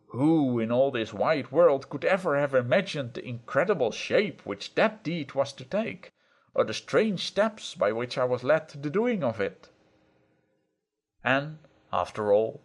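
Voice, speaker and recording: Man narrating an audiobook, steady. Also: medium pitch. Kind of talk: scripted first-person narration.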